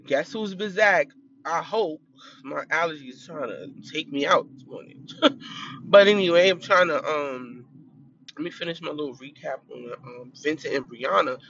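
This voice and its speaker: Chatty woman with a bright, sharp tone, gossipy recap style, a bit congested, dull lo-fi audio. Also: low-pitched, a little hiss or hum. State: congested, clearing throat. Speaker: reality show recapper. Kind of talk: casual chat.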